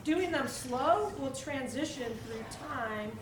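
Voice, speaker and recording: High-voiced woman teaching drums in an echoey room. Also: takes it slowly, a little hiss or hum. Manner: energetic, coaxing, asks the room questions. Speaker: percussion clinician. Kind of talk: teaching a live clinic. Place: school band room with students. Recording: echoey room from far off, with drumming.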